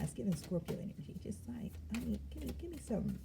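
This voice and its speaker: Rapid-fire and sing-song, this tarot reader speaks in a gravelly mid-range voice over background noise. A mother of young children, she reads cards casually for her viewers, addressing them as "y'all" and frequently bursting into laughter.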